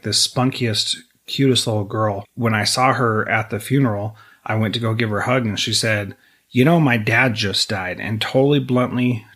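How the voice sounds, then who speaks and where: A man's voice: lowish voice, a bit bright. A middle-aged man hosting an interview podcast, talking earnestly about supporting teenagers. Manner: earnest, emotional at times. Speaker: podcast host. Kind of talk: interview conversation.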